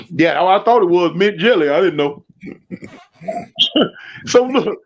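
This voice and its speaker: High-voiced Californian man telling stories. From Southern California. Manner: animated, laughing, acts out quoted voices. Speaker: storyteller guest. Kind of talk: casual storytelling. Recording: dull lo-fi stream audio.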